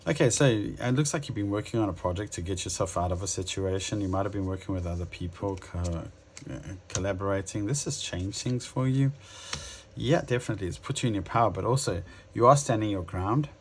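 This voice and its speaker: A man giving a casual tarot reading to his viewers, musing aloud with many pauses and restarts. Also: on the low side, a little hiss or hum. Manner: addresses viewers directly. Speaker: tarot reader.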